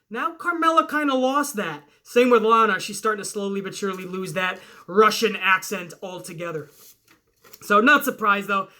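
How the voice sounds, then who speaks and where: High, bright-voiced profane wrestling host. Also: male voice. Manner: profane, animated, hyped rambling. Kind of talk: casual Q&A livestream chat.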